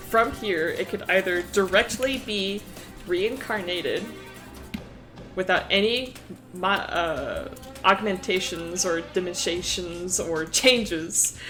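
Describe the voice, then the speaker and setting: Woman streamer, laid-back pace, expressive pitch, profane and giggly. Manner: profane, laughing, rambling. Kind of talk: casual live-stream worldbuilding chat.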